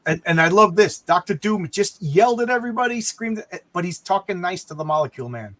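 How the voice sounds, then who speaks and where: A man's voice: sits high, lively intonation, brisk, fairly bright tone, no room sound. A man co-hosting a casual talk about comic books, rambling and often repeating words as he thinks. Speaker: podcast co-host. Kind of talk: casual comic book discussion.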